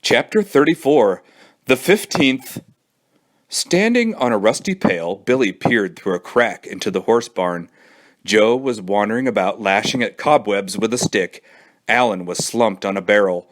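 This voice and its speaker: A man who is a children's librarian, reading a storybook aloud with an expressive storytelling manner. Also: lowish voice, a little slow.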